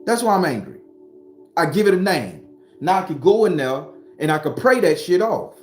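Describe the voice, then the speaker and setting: A man's voice: on the high side, sing-song, normal speed, darkish tone, roomy sound, soft background music. A man giving a blunt, profane motivational talk as a spiritual vlogger and tarot reader. He preaches in repeated phrases. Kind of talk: casual motivational monologue. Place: sitting behind his home studio.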